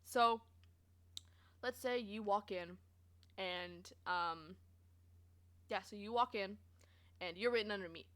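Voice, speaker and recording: A young woman streamer from Canada, casually telling stories to her chat, expressive and swearing freely. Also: medium pitch, slow pace, long pauses. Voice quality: expressive, swears, laughs often.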